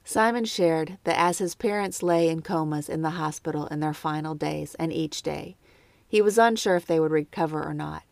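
A woman narrating a scripted true crime story in a measured way, with brief personal asides. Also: low voice, gravelly, dry recording. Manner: measured, lightly commenting asides.

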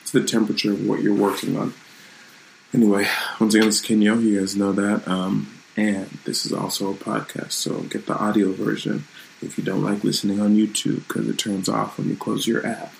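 Dude rambling on his own vlog stream from his room, kinda gravelly, lots of ums, thinking out loud. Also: fairly low pitch, little pitch movement, fairly quick, slight background noise, rough recording. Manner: loose, rambling and reflective, with many fillers. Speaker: host of his own channel and podcast. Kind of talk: casual live-streamed vlog talk.

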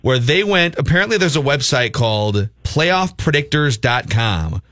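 A man's voice: mid-range voice, big pitch swings, normal speed, fairly bright tone, no room sound. A man hosting a casual sports radio chat, loose and hesitant with many fillers.

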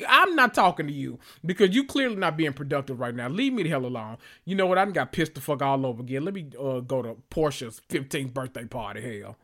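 A man hosting a podcast, telling stories and recapping reality TV in an animated, slangy, exasperated way. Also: on the high side. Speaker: podcast host.

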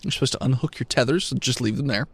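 A man's voice: mid-range voice, fast talker, gravelly, husky, no room sound. A man running a tabletop game as game master, blunt and joking, laughing between lines.

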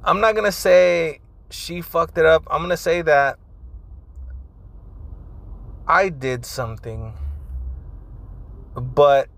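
A man's voice: on the high side, slow, vocal fry, pauses often, a bit bright, no echo, rough recording. Profane young man. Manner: profane, code-switching between English and Spanish slang. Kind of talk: casual storytelling.

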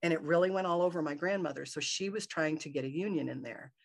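A woman from Michigan, a podcast guest, telling a personal story in a lively way and acting out her own thoughts. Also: low voice, fast, vocal fry. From Michigan, USA. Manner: animated, acts out her own inner thoughts in quotes.

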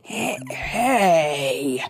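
A woman voicing a mean, taunting storybook monster in a slow, sneering drawl. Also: low voice, big pitch swings, slightly rough, faint music behind, heavily acted.

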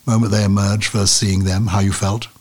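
A man's voice: lowish voice, level tone, normal speed. An older man hosting an interview, asking questions with dry, teasing remarks. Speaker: host.

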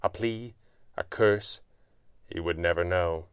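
A man narrating a pulp adventure audiobook in a measured, dramatic way. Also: low-pitched, clear, resonant tone, no echo, studio quality.

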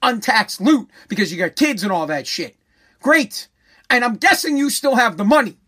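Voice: medium pitch, lively intonation, moderate pace, pushed and bright. A vlogger delivering a profane, sarcastic rant to viewers, scolding them and repeating lines for emphasis. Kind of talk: ranting monologue to viewers.

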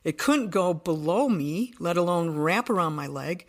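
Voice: medium pitch, expressive, unhurried. A podcast guest telling a personal story in earnest detail, often restarting sentences.

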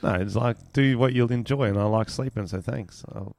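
A man's voice: mid-range voice, normal speed, gravelly, a little mellow, no room sound. Young man, dry sarcastic podcast co-host, close dry mic. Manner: laid-back, sarcastic, laughs often. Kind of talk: casual podcast banter.

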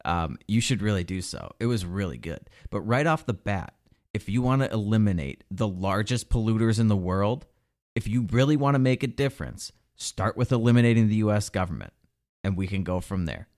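A man's voice: lowish voice, animated, brisk, a little mellow. A man delivering a sarcastic, exasperated political rant as a commentator, mocking and scolding. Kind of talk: ranting monologue.

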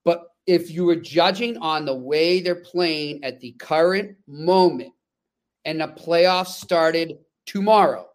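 A man co-hosting a sports podcast, telling stories in an animated, emphatic way. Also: on the high side, slow pace. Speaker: podcast co-host. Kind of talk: casual sports chat.

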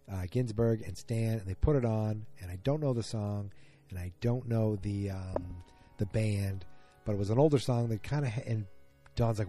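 A man with a lowish, mellow voice retells a TV episode in casual chat. He rambles, trails off and restarts often, with faint music somewhere behind him. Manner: rambling, many fillers and restarts.

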